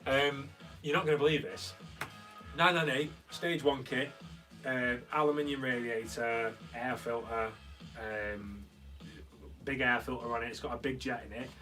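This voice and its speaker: A man's voice: mid-range voice, fairly even intonation, measured pace, pushed and bright. Chatty man hosting a live stream. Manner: chatty, reads out viewer comments and answers them. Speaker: host. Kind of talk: casual live-stream chat. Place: converted recording studio room. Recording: slightly distant mic with faint guitar music.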